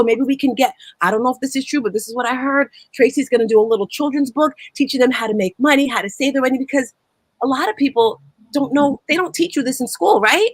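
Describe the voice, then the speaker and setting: A woman's voice: sits high, a bit bright, no echo. A woman hosting a motivational call, effusive and bubbly as she welcomes callers. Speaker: host. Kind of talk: motivational live-call chat.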